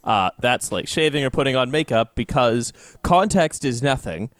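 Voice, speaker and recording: A man's voice: mid-range voice, animated, moderate pace, a bit bright. A man co-hosting a podcast, talking through a TV episode in a rambling, wry way with many fillers. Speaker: podcast co-host. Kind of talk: casual chat recapping a TV episode.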